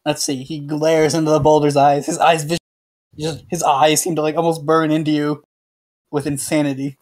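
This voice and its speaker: Halting game master man narrating. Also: a little high, level tone, a little mellow. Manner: halting, filler-heavy narration with many "like"s.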